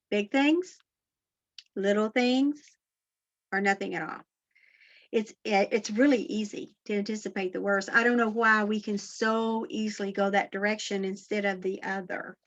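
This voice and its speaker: A woman's voice: mid-range voice, fairly even intonation, moderate pace, lo-fi sound. A woman giving an inspirational faith talk, earnest and encouraging, often putting questions to her listeners. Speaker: Christian motivational speaker.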